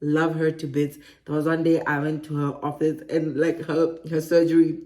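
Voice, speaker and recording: A woman from Africa, talking excitedly in a casual vlog and laughing often. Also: deep voice, normal speed. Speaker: relocation vlogger. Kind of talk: casual enthusiastic vlog talk.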